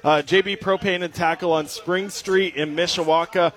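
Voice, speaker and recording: A man hosting a high school football post-game radio show, reading sponsor spots and correcting his own slips. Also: moderate pace. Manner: energetic, trips over words and corrects himself. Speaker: radio sports host.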